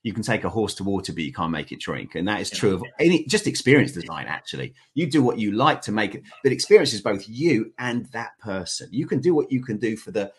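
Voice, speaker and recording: A podcast guest with a low, slightly husky voice talks fast, hardly pausing. In this loose, conversational interview his pitch rises and falls widely as he tells animated stories, often breaking into laughter.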